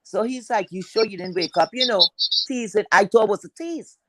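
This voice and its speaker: A woman with a deep, heavy voice tells a personal story at a brisk pace, chatty and rambling with plenty of fillers. The recording is very noisy.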